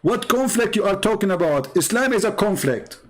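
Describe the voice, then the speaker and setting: A man's voice: high voice, lively intonation, moderate pace. A man who is not a native English speaker, hosting a commentary show in a mocking, sarcastic tone and broken English. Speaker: show host.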